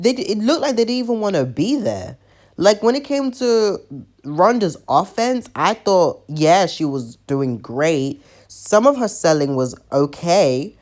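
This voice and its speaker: Deep-voiced woman ranting, profane. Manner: profane, exasperated, animated ranting. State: sick with covid. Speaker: wrestling reviewer. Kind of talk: ranting review vlog.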